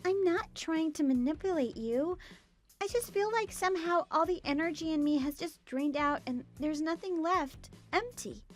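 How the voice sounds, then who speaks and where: A woman's voice: very high voice, normal speed, faint music behind. A woman voicing a young daughter-in-law in a dramatized story, blunt and talking back. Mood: despondent. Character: young wife, worn down then defiant.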